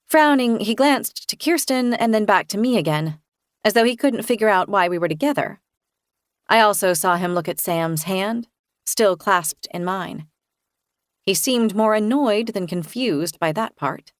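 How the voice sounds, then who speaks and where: A woman narrates a first-person thriller with expressive tension. Her pitch sits in a middle range. The recording is close and dry, with no room sound. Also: a little slow, dry recording. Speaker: audiobook narrator.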